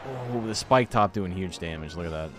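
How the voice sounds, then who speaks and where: A Canadian man commentates a game tournament on a stream in a low, animated voice at normal speed, with music playing underneath. He chats loosely, swears casually and laughs often.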